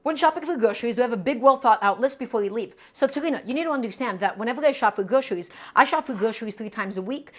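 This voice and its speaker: A woman's voice: fairly high pitch, animated, rapid-fire, hardly any pauses, fairly bright tone. A woman hosting a live cooking stream from her home kitchen, chatting enthusiastically with viewers as she chops vegetables. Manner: enthusiastic, repetitive, addresses viewers as friends.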